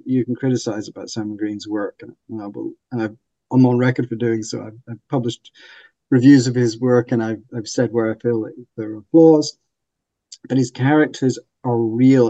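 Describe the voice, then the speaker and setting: Male podcast host, eager book talk, mellow voice, dull lo-fi sound. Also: mid-range voice, no echo. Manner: enthusiastic, laughs often. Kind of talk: casual book discussion.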